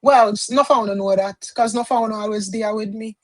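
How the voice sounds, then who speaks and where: A woman's voice: mid-range voice, fairly even intonation, moderate pace, dry recording, poor audio. A Jamaican woman, a tarot reader, chatting casually on a livestream and slipping into patois phrases. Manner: chatty, switches into patois phrases, laughs often.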